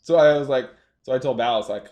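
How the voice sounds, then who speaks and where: A young man talking casually in an easygoing way, often laughing between loose, trailing phrases. His pitch sits mid-range for a man. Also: quick pace, darkish tone, lo-fi sound. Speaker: trader. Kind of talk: casual chat.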